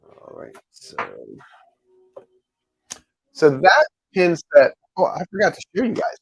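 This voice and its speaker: A man's voice: sits high, big pitch swings, takes it slowly, slightly rough, no echo, poor audio. A man chatting casually with viewers on a live stream while showing his pin collection and answering their comments.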